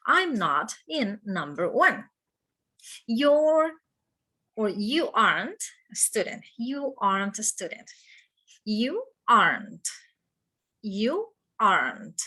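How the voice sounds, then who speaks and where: Slow, lively woman teaching English. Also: a little high, husky. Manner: repeats example sentences slowly and carefully for learners. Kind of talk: slow English grammar lesson with Spanish explanations.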